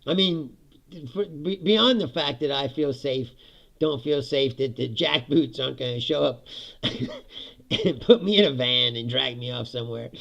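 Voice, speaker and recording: A man's voice: mid-range voice, moderate pace, vocal fry, a bit bright. A man doing a casual political rant, sarcastic and profane, laughing often between points. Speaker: political commentary host.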